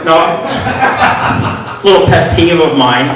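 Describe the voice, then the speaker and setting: A middle-aged man doing a stand-up comedy set with deadpan, self-deprecating punchlines. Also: a little high, takes it slowly, crowd noise. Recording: echoey room, mic from far off.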